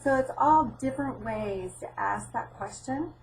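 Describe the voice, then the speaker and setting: A woman's voice: fairly high pitch, unhurried, far from the mic, slight background noise, rough recording. A middle-aged woman giving an informal training talk, telling a personal story and acting out quoted dialogue. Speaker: presenter at a training session.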